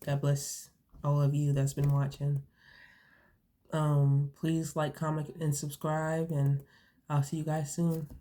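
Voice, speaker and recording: A young woman vlogging from home, talking earnestly and haltingly, repeating herself. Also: low-pitched, completely flat delivery, dark tone. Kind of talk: casual talk to camera. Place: home, indoors.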